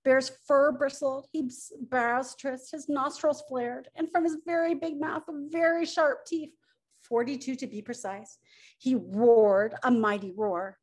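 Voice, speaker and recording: A middle-aged woman, the author, reading her picture book aloud with expressive storytelling. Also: sits high, a little slow. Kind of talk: children's story read-aloud.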